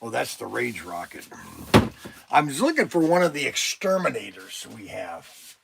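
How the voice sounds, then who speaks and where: A man hosting a toy shop live stream, an excitable pitchman who rambles and breaks into shouts, his voice strained from days of nonstop talking. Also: normal speed, creaky, heavy background noise. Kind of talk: casual live-stream sales talk. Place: inside a toy shop among shelves.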